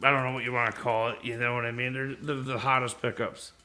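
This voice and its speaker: A man's voice: mid-range voice, level tone, fast talker, bright, forceful tone. A man casually rambling about his guitars and pickups on a live stream, with easygoing talk and the odd swear word.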